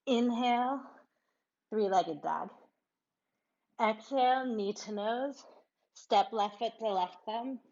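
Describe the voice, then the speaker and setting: A woman teaching a yoga class, cueing poses in short calm phrases, a little out of breath and laughing at herself now and then. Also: a little high, slow, long pauses, lo-fi sound. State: slightly out of breath. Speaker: yoga instructor. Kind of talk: guided yoga class instruction.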